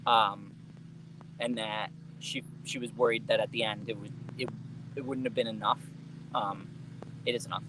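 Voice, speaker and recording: A man's voice: on the low side, steady tone, normal speed, pauses often, noisy background. A young adult man telling family stories as an interview guest, chatty and laughing often, with casual swearing.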